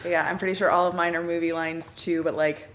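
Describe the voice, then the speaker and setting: A woman's voice: on the low side, flat delivery, brisk, a bit bright. An easygoing woman chatting casually as co-host of a live stream.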